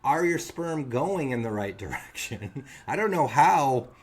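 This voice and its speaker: A man's voice: medium pitch, very animated, measured pace, a little hiss or hum. A man co-hosting a podcast, telling a funny story in casual chat and acting out the other people's lines. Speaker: podcast co-host.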